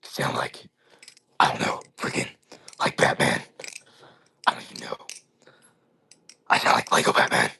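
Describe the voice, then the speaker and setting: A man putting on a gravelly, whispered voice as a brooding masked hero. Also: unhurried, pauses often, pushed and bright.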